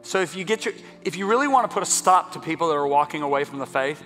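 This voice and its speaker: A man's voice: a little high, expressive, fast talker, sharp tone. A man preaching as a guest speaker, fervent and exhorting, leading a healing prayer and talking to the crowd. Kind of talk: sermon with healing prayer and book talk. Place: large church sanctuary. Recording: long hall reverb, faint music.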